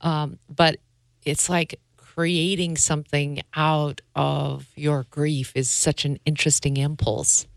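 A woman with a smooth, clear voice asks reflective questions as a podcast co-host. Her delivery is even and thoughtful, and the recording is dry. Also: low voice, slow, dry recording. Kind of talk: podcast interview.

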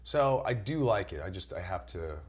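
A man in his forties, from New York and raised in Indiana, chatting as a guest and telling animated, profane stories. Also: sits low, normal speed. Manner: animated storyteller, swearing, mock voices. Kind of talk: casual chat.

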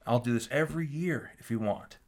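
A man telling a story as an interview guest, animated and acting out the quotes, with frequent restarts. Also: medium pitch, fairly quick. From Kansas City area.

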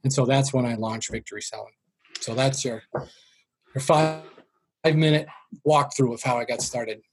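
A man's voice: mid-range voice, steady tone, normal speed, background noise. A middle-aged man with a Boston accent, a sales trainer telling his career story in an interview, joking and dropping his voice to quote his parents. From Boston area. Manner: self-deprecating, jokey, drops voice for quoted parents.

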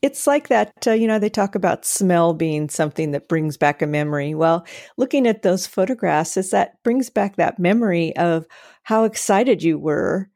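Woman, encouraging podcast talker, gravelly voice, dry close mic. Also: lowish voice, expressive, moderate pace, no room sound. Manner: warmly encouraging, affirming. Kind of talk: casual podcast chat.

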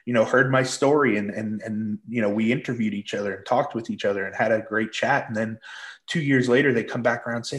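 Lower-voiced man hosting a podcast. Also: fairly even intonation, fairly quick. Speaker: podcast host. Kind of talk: casual podcast interview.

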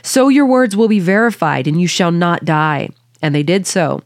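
Woman, lower register, dry close mic, reads scripture then muses casually. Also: normal speed, dry recording. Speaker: Bible study teacher. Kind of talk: Bible reading with commentary.

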